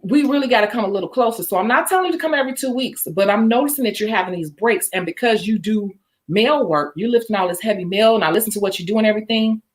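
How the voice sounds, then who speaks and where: A woman's voice: medium pitch, fast talker. Chatty woman coaching nail techs. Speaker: nail tech educator. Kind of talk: instructional chat with role-play demo.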